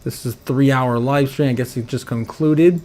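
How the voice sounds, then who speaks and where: A man's voice: medium pitch, normal speed. A man hosting a casual livestream, reading out chat donations, laughing often and rambling with lots of fillers. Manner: giggly and excitable, laughing often between lines; rambling with frequent fillers and repeats. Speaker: livestream host.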